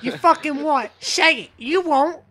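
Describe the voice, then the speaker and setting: A man's voice: very high voice, a little slow, bright, forceful tone. A young man mocking other players in game voice chat, sarcastic and condescending. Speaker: online gamer trolling other players.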